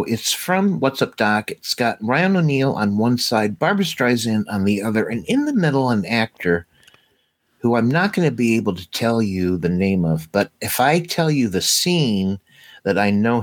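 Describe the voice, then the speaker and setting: A man co-hosting a casual movie chat show, talking enthusiastically with halting restarts. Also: medium pitch, very animated, no room sound. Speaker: co-host of a movie watch show.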